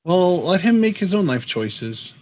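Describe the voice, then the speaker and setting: Teasing man with a lively voice. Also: high voice, measured pace, no room sound. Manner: teasing, playfully needling his co-host. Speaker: co-host of wrestling reaction show. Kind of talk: live wrestling reaction chat.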